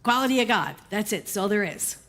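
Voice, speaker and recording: A woman's voice: mid-range voice, lively intonation, quick pace, a bit bright. A woman minister giving a sermon in a conversational, humorous way, often checking in with "right?".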